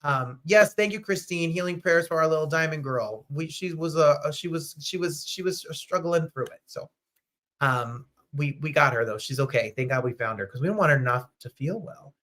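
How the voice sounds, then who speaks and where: A man hosting a live online show, chatting casually and animatedly, with sudden jumps to loud, high outbursts. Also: moderate pace. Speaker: host. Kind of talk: casual livestream chat.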